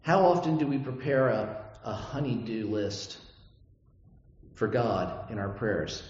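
A man's voice: medium pitch, takes it slowly, long pauses, a little mellow. A man preaching a sermon as pastor, earnest and full of rhetorical questions, recorded in a church sanctuary. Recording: echoey hall, dull lo-fi sound.

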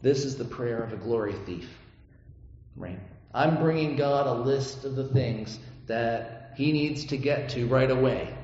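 A man's voice: mid-range voice, unhurried, a little mellow, a little hiss or hum. A man preaching a sermon as pastor, earnest and full of rhetorical questions, recorded in a church sanctuary. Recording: echoey hall, dull lo-fi sound.

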